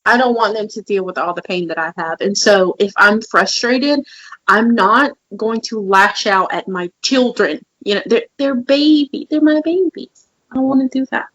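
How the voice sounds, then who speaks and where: A woman's voice: a little high, moderate pace, fairly bright tone, lo-fi sound. Candid woman telling stories. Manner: candid, emotional storytelling. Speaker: podcast co-host. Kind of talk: casual podcast chat.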